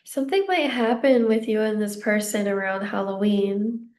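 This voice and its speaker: A young woman giving a casual psychic tarot reading, a little out of breath, gentle and reassuring as she rambles with fillers. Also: mid-range voice, normal speed. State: slightly out of breath. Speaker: tarot card reader.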